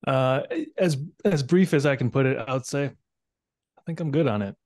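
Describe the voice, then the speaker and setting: A man with a mid-pitched voice talks in a measured, wry and explanatory way as a podcast guest. The sound is close and dry, with no room echo. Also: a little mellow. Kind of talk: casual podcast discussion.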